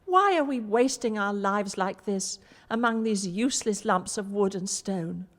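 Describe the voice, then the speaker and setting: A woman voicing a cheeky, quick-witted young lad in a storybook reading. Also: medium pitch, long reverb tail, natural voice. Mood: sly. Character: sly clever young lad.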